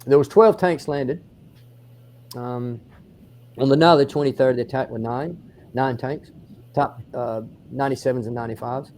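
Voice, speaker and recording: A man with an Australian accent, a military historian giving an on-site battlefield explanation, telling the story in animated detail with frequent restarts. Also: mid-range voice, moderate pace, long pauses, a little hiss or hum. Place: outdoors on a battlefield.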